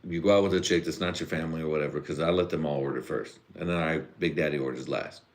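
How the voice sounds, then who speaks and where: A podcast host, an adult father and husband with a very low, deep voice, rants loosely on a live stream. He's tipsy, rambling and swearing freely, often breaking into laughter, and he talks fast.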